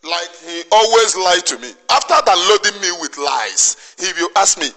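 Man, Nigerian Igbo accent, high lively pitch, bright tone, emphatic scolding monologue, long reverb. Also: normal speed, hardly any pauses. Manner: emphatic, repetitive, preachy scolding. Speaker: activist commentator. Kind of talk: impassioned monologue.

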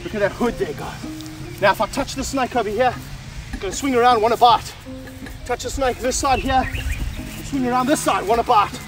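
A man presenting a wildlife vlog while handling snakes, out of breath and excited. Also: very high voice, normal speed, pauses often. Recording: music bed under the voice.

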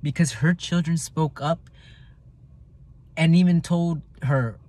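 A man with a high voice speaks in a raw personal account. He is emotional, circles back over his own words and swears freely. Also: steady tone, slow, pauses often, darkish tone. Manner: emotional, repeats himself, swears. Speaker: vlogger telling his own story.

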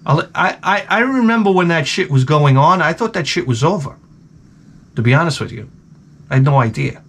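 Profane, animated New man. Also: a little fast, slight background noise. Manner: animated storytelling, acts out quotes in a high voice; profane, wry. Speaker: vlogger. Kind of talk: casual comedic rant.

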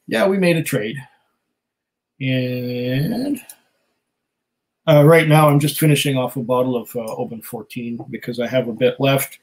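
Guy rambling on a home live stream, lots of uhs and little chuckles, mid pitch. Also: a little mellow, low-quality recording. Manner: rambling, chatty, many fillers and small laughs. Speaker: live stream host reading chat. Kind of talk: casual chat.

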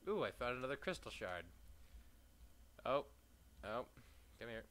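A young man giving casual, profane gameplay commentary, reading game text aloud with sarcastic asides and sudden loud outbursts. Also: medium pitch, sing-song, unhurried. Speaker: let's play gamer.

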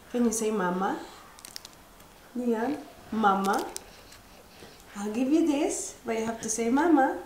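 A Filipino woman in her thirties talks in a high, sing-song voice, coaxing her baby with playful baby talk. She takes her time between phrases. The room has a noticeable echo with a faint hiss behind it. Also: slow, pauses often, darkish tone. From Philippines. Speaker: vlogger and mother. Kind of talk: casual family vlog. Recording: roomy home room, faint noise.

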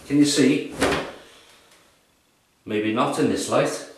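A man casually narrating his shave in a relaxed, chatty, self-mocking way, recorded in his bathroom. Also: medium pitch, slow, pauses often, a little hiss or hum. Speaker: shaving vlogger. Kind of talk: casual narration while shaving. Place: bathroom at home. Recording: echoey bathroom.

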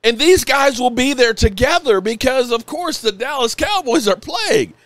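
A man's voice: very high-pitched, animated, normal speed, a bit bright, dry recording. A man live-streaming, emotional and a bit tipsy, rambling and swearing as he rants with emphatic bursts.

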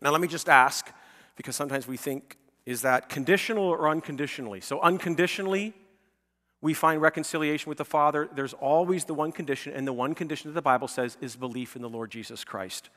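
A man's voice: fairly high pitch, quick pace, a bit bright. A male pastor preaching a conversational sermon, often checking in with the congregation with "okay?" and "right?", and building to emphatic, pleading peaks. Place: church sanctuary. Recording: long church reverb.

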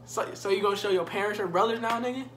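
A man's voice: high-pitched, racing, a bit bright, slight background noise. A young man telling a profane, slangy story in a casual vlog and joking directly with his viewers. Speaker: storytime vlogger.

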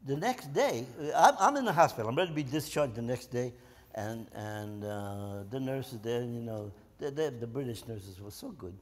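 A man in his nineties, a veteran, telling lively anecdotes to an audience and acting out the quotes. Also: medium pitch, normal speed. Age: 90s. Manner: animated, with many restarts and acted-out quotes. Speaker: World War II veteran guest. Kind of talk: storytelling anecdotes to a live audience. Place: museum event hall. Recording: echoey hall.

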